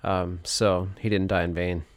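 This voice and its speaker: A man's voice: low-pitched, level tone, a little slow, dry recording. Dry-witted male podcast co-host. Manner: dry, wry quips. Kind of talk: casual podcast chat.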